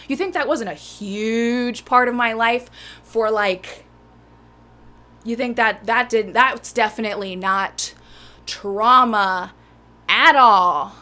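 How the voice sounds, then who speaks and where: A woman's voice: a little high, slow. A woman in her thirties hosting a live music stream, chatting casually between songs in a rambling, self-mocking way. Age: 30s. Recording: loud ukulele music behind the voice.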